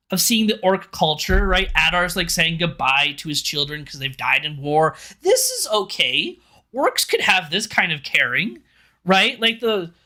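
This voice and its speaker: Streamer, bright-toned, incredulous and quick to laugh, loose casual chat on a desk mic. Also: medium pitch. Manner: animated, incredulous, laughs often. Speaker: show review streamer.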